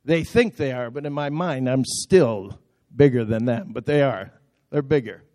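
A man's voice: mid-range voice, moderate pace, darkish tone, no echo. A middle-aged male pastor preaching a sermon in a church, impassioned and building into call-and-response. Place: church auditorium.

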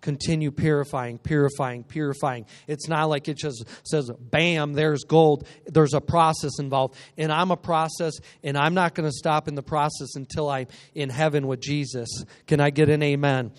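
A man preaching a lively sermon in a church, energetic and joking, calling out to the congregation. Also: on the high side, normal speed, hardly any pauses. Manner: energetic, joking, call-and-response. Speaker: guest preacher.

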